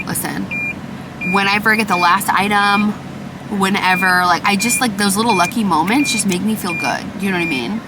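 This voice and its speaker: A woman's voice: medium pitch, brisk, noisy background. A young woman chatting in a vlog, bubbly and gushing, filling her talk with "like" and "oh my God". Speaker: vlogger. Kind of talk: casual vlog chat. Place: in a car at a drive-through.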